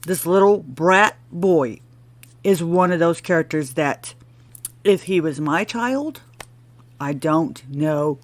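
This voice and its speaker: A woman's voice: fairly low pitch, no room sound. A woman hosting a podcast who recaps a TV episode in a casual, rambling way and goes off on laughing tangents. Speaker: podcast host.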